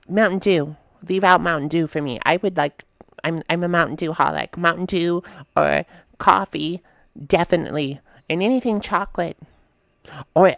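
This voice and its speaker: Low, smooth-voiced woman, casual and blunt. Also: no echo. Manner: chatty, reads captions aloud then riffs with blunt profanity. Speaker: host reacting to memes. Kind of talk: casual reaction commentary.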